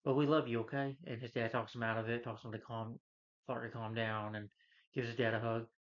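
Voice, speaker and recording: A man's voice: fairly low pitch, monotone, a little fast, a bit bright. A young man casually recapping a movie, rambling with lots of "you know" fillers. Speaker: movie reviewer. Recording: slightly dull lo-fi recording.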